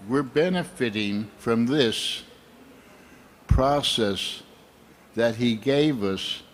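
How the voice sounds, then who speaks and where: An older man giving a sermon at a temple program, speaking in a reflective, storytelling way. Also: medium pitch.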